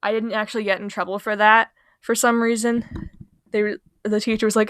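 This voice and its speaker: Over a speedpaint, a young storytime host recounts funny childhood stories in a rambling, self-deprecating voice-over that drifts into quiet asides. Her mid-range voice stays level and brisk. Recorded on a home mic in a small bedroom, the sound is clean and studio-like with no room sound.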